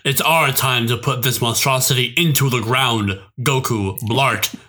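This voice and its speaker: A man's voice: mid-range voice, unhurried, bright, forceful tone. An actor reading a contemptuous male commander who barks orders, at a fan-script table read. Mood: scornful.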